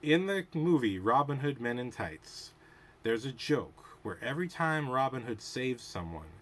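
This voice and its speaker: A man hosting his own show gives casual, analytical commentary on a TV episode, his medium-pitched, a bit bright voice making big pitch swings at an unhurried pace. He's discursive, thinking aloud with restarts and wandering off on tangents.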